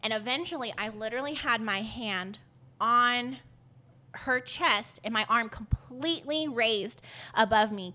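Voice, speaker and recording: A woman's voice: a little high, bright, forceful tone. A woman guest on a podcast, telling a personal story in a loose, rambling way, full of fillers and laughs. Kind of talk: casual storytelling.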